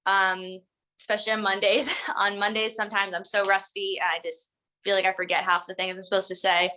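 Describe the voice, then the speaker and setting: A woman's voice: medium pitch, pushed and bright, low-quality recording. A woman coaching a sales team in a casual, chatty way, full of "like" and "um", acting out the lines they should say. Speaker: sales trainer. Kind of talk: casual instructional talk.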